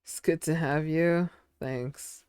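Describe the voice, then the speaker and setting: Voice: mid-range voice, steady tone, takes it slowly, a little mellow, clear, resonant tone, dry recording, studio quality. A streamer chatting casually with their audience while drawing. They ramble with lots of fillers and giggle often.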